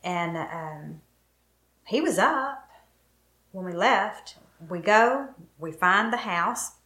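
A middle-aged woman with a bright, forceful, mid-range voice tells her own story as a guest, animated and drawing out her words. She's emotional, vividly acting out the dialogue spoken to her, and the recording has a roomy echo.

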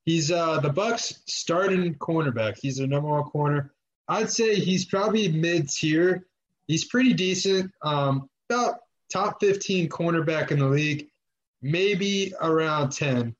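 A man's voice: on the high side, measured pace, dull audio. A man co-hosting a casual sports chat, rambling along with lots of fillers and restarts. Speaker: podcast co-host.

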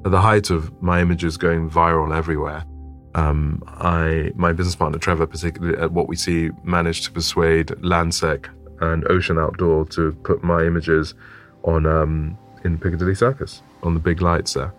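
A man's voice: deep voice, little pitch movement, normal speed, faint music behind. A man, a photographer telling a story thoughtfully in an interview and often repeating words as he gathers his thoughts. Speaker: photographer guest.

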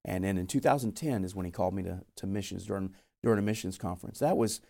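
A man's voice: deep voice, quick pace, gravelly, mellow. A young man telling his story of being called to missions in an earnest, storytelling way. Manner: earnest, storytelling with acted quotes. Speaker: missionary guest. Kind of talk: testimony in interview.

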